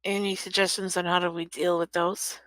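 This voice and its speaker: A woman playing a tabletop game, asking measured questions in character. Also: fairly low pitch, little pitch movement, a bit bright, no echo, rough recording. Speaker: player. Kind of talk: tabletop role-play.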